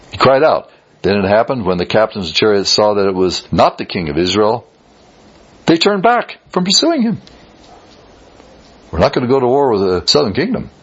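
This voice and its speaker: A man preaching an expository sermon, reading scripture aloud and commenting bluntly with animated delivery. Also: deep voice, breathy edge, dull audio.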